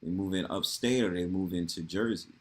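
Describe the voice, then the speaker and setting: A man with a New York accent hosting a loose, slangy online panel chat, quick to agree and laugh. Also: sits low. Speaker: host.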